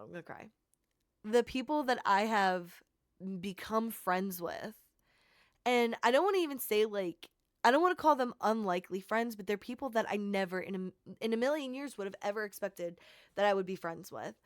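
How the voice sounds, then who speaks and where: A young woman talks straight to the camera in a casual vlog recap, gushing and rambling, filling her sentences with "like". Her pitch sits in a mid range, and the recording is dry and close with no room echo. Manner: rambling, heavy use of "like", heartfelt and gushing. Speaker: content creator.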